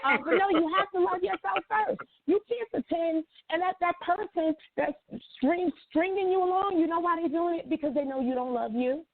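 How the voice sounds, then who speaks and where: A woman co-hosting a casual talk show, blunt and animated and swearing freely. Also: very high-pitched, moderate pace. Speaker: co-host. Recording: dry tinny phone-like sound.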